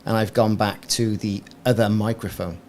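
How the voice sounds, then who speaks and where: A man's voice: fairly low pitch, flat delivery, moderate pace, darkish tone. A gaming streamer chatting casually and rambling in a self-deprecating way while talking into his desk microphone in a small home room. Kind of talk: casual live stream chat. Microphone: desk podcast microphone. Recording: faint room fan noise.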